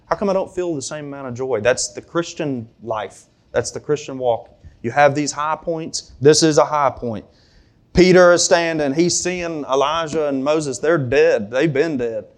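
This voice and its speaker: A man preaching a sermon to a congregation in a conversational way, with asides and questions to the room. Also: medium pitch. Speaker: pastor.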